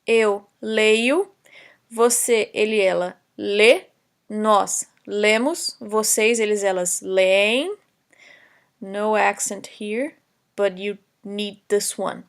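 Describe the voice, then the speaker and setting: A young adult woman teaching Portuguese in a recorded lesson, explaining examples slowly in English and Portuguese with many fillers. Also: mid-range voice, gravelly, clean tone. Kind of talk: recorded online lesson lecture.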